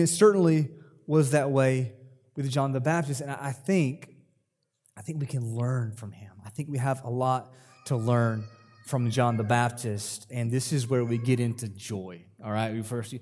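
A man's voice: medium pitch, darkish tone. A male pastor giving a conversational sermon, telling personal stories and growing emphatic when quoting. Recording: long hall reverb.

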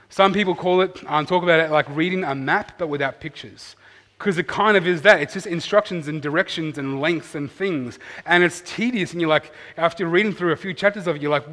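Earnest man preaching in a reverberant hall. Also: on the high side. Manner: earnest and animated, swinging between loud emphasis and quiet asides. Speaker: pastor. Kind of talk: sermon.

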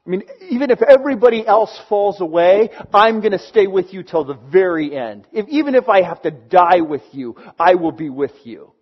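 A man voicing an impulsive fisherman disciple who insists loudly on his loyalty. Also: high-pitched, lively intonation, normal speed, hardly any pauses, husky, dull audio. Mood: emphatic. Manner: emphatic, insistent protesting.

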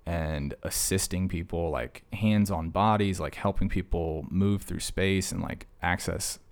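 A man with a low, deep voice talks straight to his viewers in a loose, wandering vlog. He jokes his way from one tangent to the next, like he's chatting with a friend. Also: darkish tone. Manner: joking, digressive storytelling. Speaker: vlogger. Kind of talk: casual rambling monologue.

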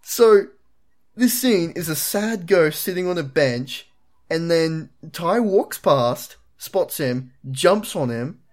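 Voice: medium pitch, animated, slow, darkish tone. A podcast host recapping an episode in casual chat, acting out characters' lines with laughs and swearing.

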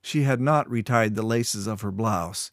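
A man reading a story aloud in steady, measured scripted narration. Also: on the low side, dry recording, clean studio sound. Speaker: audiobook narrator.

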